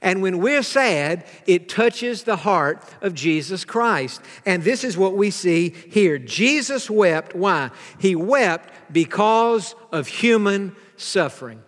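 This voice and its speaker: A man's voice: high voice, animated, slow pace, hardly any pauses, fairly bright tone, big-room sound. A pastor preaching a sermon to his congregation in an earnest way, now and then asking them to repeat a line with him.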